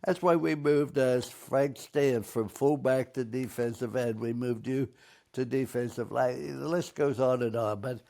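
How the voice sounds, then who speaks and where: An older man, a football coach hosting an interview podcast, telling stories and asking questions with animated bursts. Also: mid-range voice, a little slow, gravelly. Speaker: show host, football coach.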